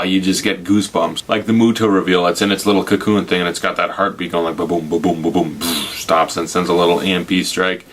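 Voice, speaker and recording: A man's voice: deep voice, a bit bright. A man giving a casual, rambling spoiler review of a movie, enthusiastic and gushing, with frequent restarts. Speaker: film reviewer.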